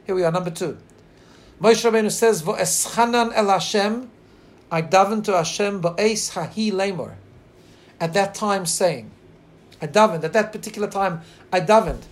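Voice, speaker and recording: Guy with a high voice teaching torah, tells the midrash earnestly, draws out the quotes slow. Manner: pauses to share screen and look up text. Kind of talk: Torah class.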